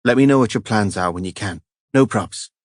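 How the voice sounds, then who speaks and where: A man voicing a calm woman leaving a reassuring voicemail in an audiobook. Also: fairly low pitch, fairly quick, no echo, clean studio sound, close to an everyday voice. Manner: soothing, reassuring. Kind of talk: audiobook character voice.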